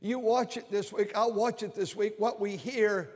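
A man's voice: sits high, steady tone, moderate pace. An older man, a pastor, preaching a sermon with emphatic, repeated phrases in a church. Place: church sanctuary. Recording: long hall reverb.

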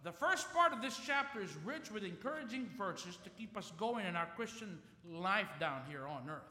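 Male preacher, very high and bright, fervent revival style, church hall echo. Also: expressive, normal speed. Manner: fervent, call-and-response with congregation. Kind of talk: sermon. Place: church sanctuary.

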